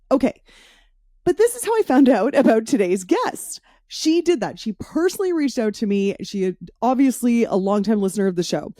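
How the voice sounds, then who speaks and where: A woman's voice: a little high, dark tone, no echo, studio quality. A woman hosting a podcast, enthusiastic and chatty in casual conversation. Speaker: podcast host.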